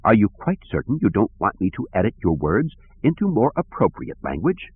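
A man's voice: on the low side, big pitch swings, fairly quick, breathy edge. A man voicing a fussy, polite male protocol droid who speaks in a prim, proper, fretful manner. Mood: soothing, prissy. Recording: tinny phone-like lo-fi audio.

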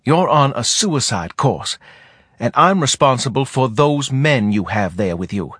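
A man's voice: mid-range voice, animated, a little slow, a bit bright, slightly rough, no echo, studio quality. A man voicing a feeble, whining older male commander who sounds out of breath and pleads in long-winded official phrases. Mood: pleading, stern. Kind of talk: audiobook character reading.

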